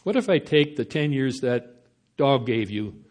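A man's voice: medium pitch, animated, measured pace, a little mellow. Man playing greedy haggling human, pleading, eager. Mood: bargaining. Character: weary male human bargaining with God.

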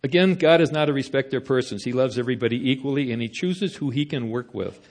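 Male preacher, folksy sermon, mid-pitched, stops and restarts. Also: a little mellow. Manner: conversational, halting storytelling.

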